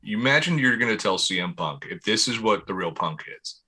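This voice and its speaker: Man, podcast host, animated rant, very bright, husky. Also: on the low side, a little fast. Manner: animated, profane rants. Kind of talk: casual chat.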